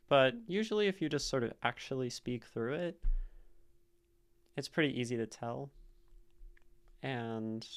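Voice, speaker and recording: Speaking in a mid-range voice at normal speed, the man pauses often. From his streaming room he casually breaks down a poem's rhyme and meter on a live stream, reasoning aloud and reading lines back to himself.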